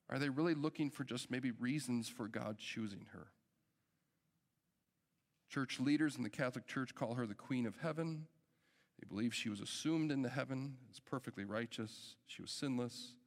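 Middle-aged male pastor, slightly high voice, earnest and emphatic sermon delivery, long hall echo. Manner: earnest, emphatic preaching with rising urgency.

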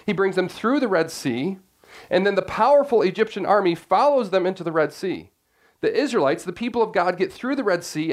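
A man preaching a sermon as pastor, earnest, often restarting phrases and asking the congregation questions. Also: high-pitched.

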